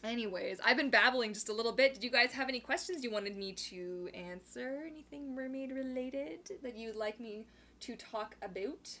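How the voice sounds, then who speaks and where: A young woman from Canada hosting a casual live chat, bubbly and rambling, reading viewer comments aloud and breaking into quick laughs. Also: on the high side, pushed and bright, slight background noise. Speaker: livestream host.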